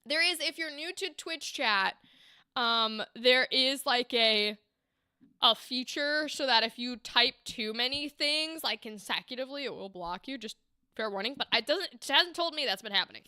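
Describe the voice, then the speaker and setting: A woman's voice: on the high side, expressive, moderate pace, sharp tone, clean tone, no room sound, clean studio sound. A woman hosting a livestream, chatty and enthusiastic, giving voice acting feedback and acting out example lines. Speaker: livestream host and voice acting coach.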